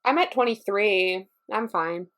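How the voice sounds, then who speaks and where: A woman's voice: mid-range voice, lively intonation, a little slow, a bit bright. Comically anxious woman player. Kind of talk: casual tabletop play.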